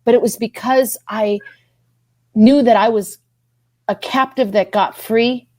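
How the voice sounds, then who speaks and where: A woman's voice: fairly high pitch, fairly even intonation, measured pace, darkish tone, dry recording. Earnest woman sharing an emotional testimony. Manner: earnest, repeats herself, voice rises when moved. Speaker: podcast guest.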